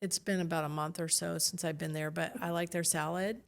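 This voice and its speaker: A woman's voice: lowish voice, steady tone, fairly quick, gravelly. A woman realtor chatting casually as a podcast guest, enthusiastically recommending local spots. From United States.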